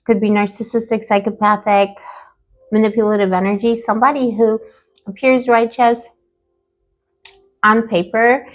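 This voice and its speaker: A woman reads tarot cards for her viewers, her voice hoarse and fading. She talks in an affectionate, playful way, slips in pet names and dramatic asides, and speaks at a middle pitch for a woman. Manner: affectionate, calls the viewer boo-boo and baby. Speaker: tarot reader. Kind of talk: tarot card reading.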